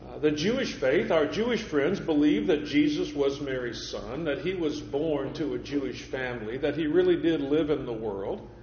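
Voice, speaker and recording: A male preacher giving a Sunday morning sermon, measured and repeating key phrases for emphasis. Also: fairly high pitch, animated, darkish tone, slight background noise. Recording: echoey hall, dull lo-fi sound.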